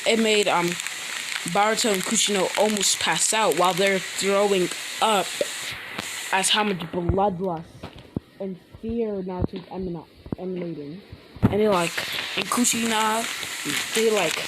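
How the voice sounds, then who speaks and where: A woman improvising a fan-fiction story out loud, rambling with many restarts and fillers. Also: mid-range voice. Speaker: amateur storyteller. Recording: loud background noise.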